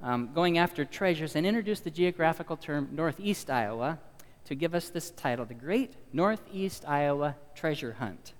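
A middle-aged man preaching a sermon in a folksy, storytelling way, slowing down to stress key lines. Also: on the high side, expressive. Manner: folksy, storytelling, slows down for emphasis. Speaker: pastor. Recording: long reverb of a large hall.

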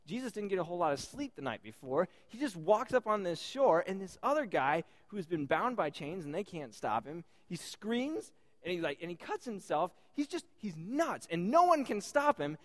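Animated high-pitched man preaching. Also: moderate pace, few pauses. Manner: animated, incredulous asides with laughs. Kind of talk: lively sermon.

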